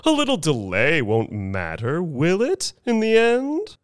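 A man voicing a smooth-talking, oily male showman in an audio story, coaxing in a soothing salesman's patter. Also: fairly high pitch, wildly swooping pitch, a little slow, no echo, studio quality, voice pushed up.

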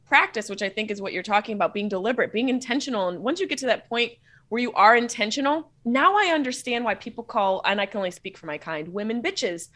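A woman comedian with a fairly high, bright voice guests on a podcast. She talks in a brash, profane way and laughs easily. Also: lively intonation, fast talker. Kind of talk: casual podcast chat.

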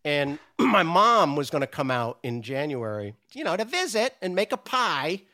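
A man's voice: on the high side, very animated, moderate pace, bright, forceful tone. A middle-aged man from Rhode Island, telling stories as a guest in casual chat. He acts out the people in his stories and laughs often while he talks. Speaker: podcast guest. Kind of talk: casual storytelling.

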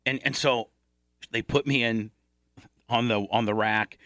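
Bright-voiced man telling a story in a dry studio. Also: steady tone, unhurried, no echo. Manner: acts out other people's lines in a higher voice. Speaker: radio show host. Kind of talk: animated storytelling chat.

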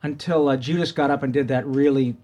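A man, a voice actor guest, chatting casually and cracking quick jokes. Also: medium pitch, fairly even intonation, a little mellow, highs cut off, a little hiss or hum. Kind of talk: casual chat.

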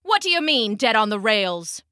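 A panicked train engineer bellowing urgent warnings in a storybook reading, the voice high and bright and swinging widely in pitch, as a woman narrator puts him on. Dry and close, with no room sound. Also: very animated, normal speed, no echo. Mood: worried. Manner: shouted, urgent lines. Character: frantic male train engineer, shouting.

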